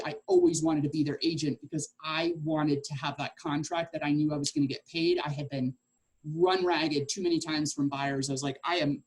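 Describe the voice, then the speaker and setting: A woman's voice: sits low, low-quality recording. A woman teaching a real estate sales class in a chatty way, acting out conversations with clients.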